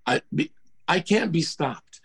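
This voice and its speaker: Older male guest, husky, animated raconteur with impressions, video call. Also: fairly high pitch, measured pace. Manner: animated storyteller, mimics voices, laughs at himself. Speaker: guest, music producer. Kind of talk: casual storytelling interview.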